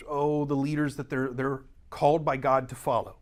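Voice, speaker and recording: A man's voice: medium pitch, flat delivery, moderate pace. A man teaching an adult Bible study in a church, explaining scripture earnestly and pressing hard on key words. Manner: brief acted quotes of scripture figures. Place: church classroom.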